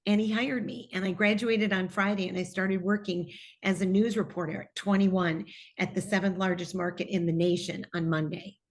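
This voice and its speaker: A middle-aged woman tells a personal story in an interview with an earnest, expressive delivery. Her voice sits at an ordinary pitch for a woman, and she speaks openly of faith as she recounts her past. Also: normal speed. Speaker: TV personality and guest.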